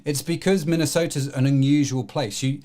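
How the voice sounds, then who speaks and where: A man hosts a business podcast with a chatty, rambling way of talking, full of ums and restarts. His voice sits at a middle pitch. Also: fairly even intonation, brisk, dark tone. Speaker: podcast host. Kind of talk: podcast interview.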